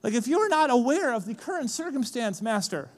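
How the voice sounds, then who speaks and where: High-voiced, lively young-sounding preacher. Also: male voice, brisk, in a large hall. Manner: lively, casual, frequent "like" fillers. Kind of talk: sermon. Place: large conference hall.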